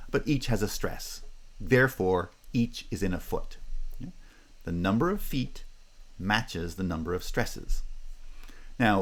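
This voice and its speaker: A man lecturing on phonetics, speaking carefully and repeating example words slowly, with frequent fillers. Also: deep voice.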